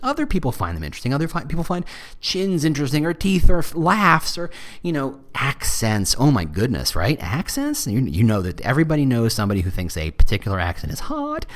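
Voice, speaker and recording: Male podcast host, lively pitch, joking and self-deprecating, casual advice monologue.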